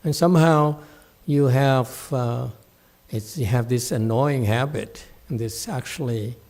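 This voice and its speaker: Blunt, scolding meditation master. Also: male voice. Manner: swings from low and measured to loud, high-pitched rants. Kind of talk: dharma talk answering a student. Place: temple.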